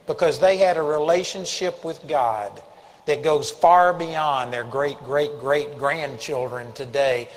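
A man's voice: a little high, rough recording. A man preaching a sermon, telling stories earnestly with emphatic rising bursts. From United States.

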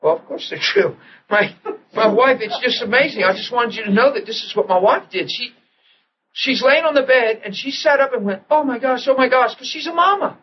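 A man preaching a sermon, telling a personal story with animated restarts and soft, hushed quoted prayers. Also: extremely high pitch, a little fast, muffled recording, slight background noise.

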